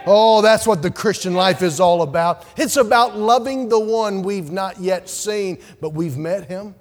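Male pastor, high-pitched, fervent sermon delivery with hushed asides, long church reverb. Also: normal speed, few pauses. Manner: preaching with swells to loud fervor and drops to soft, hushed pleading. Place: church sanctuary.

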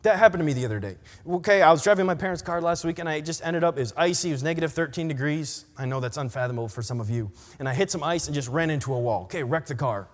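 A young adult man preaching a sermon in an animated, emphatic way. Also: fairly high pitch, rapid-fire, hardly any pauses. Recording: long reverb of a large hall.

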